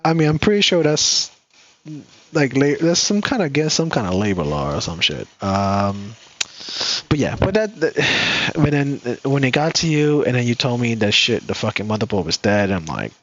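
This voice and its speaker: Animated, swearing man telling a story. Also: medium pitch, moderate pace, dull audio. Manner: animated, profane, acts out quoted people. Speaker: podcast co-host. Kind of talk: casual storytelling chat.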